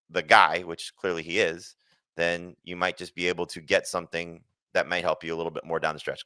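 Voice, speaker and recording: A man with a very low voice talks fast and analytically about trade picks. His tone is bright and sharp, and the sound is crisp and smooth. The recording is dry and close to the mic. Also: dry recording. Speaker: fantasy football analyst. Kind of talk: casual podcast discussion.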